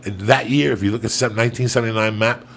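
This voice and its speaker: A man hosting a podcast, telling a long personal story in casual, profanity-laced talk, swinging between loud bursts and hushed asides. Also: mid-range voice, fast talker, creaky, slight background noise. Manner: profane, animated storyteller who drops to hushed tones for quotes. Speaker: podcast host.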